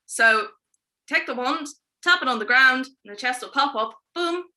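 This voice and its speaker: Brief: bright-voiced, loud, bossy fairy godmother, played by a woman with a put-on accent, brisk and slangy. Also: high voice, expressive, full character voice. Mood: rattled. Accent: put-on, unplaced accent.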